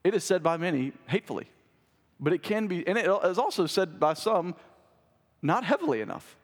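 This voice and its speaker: A male pastor preaching a sermon in a conversational way that climbs to emphatic, high-pitched peaks. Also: animated, brisk, husky. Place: church sanctuary. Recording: long church reverb.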